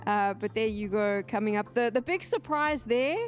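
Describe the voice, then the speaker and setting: A woman hosting an esports analysis desk, brisk and steering the talk, at times exasperated. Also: mid-range voice, faint music behind.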